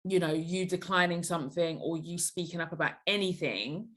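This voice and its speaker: A lower-voiced young woman is a guest on a casual podcast. She reacts with emphatic, animated disgust and gives blunt, straight-talking advice. Her delivery is punchy and sure of itself. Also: normal speed.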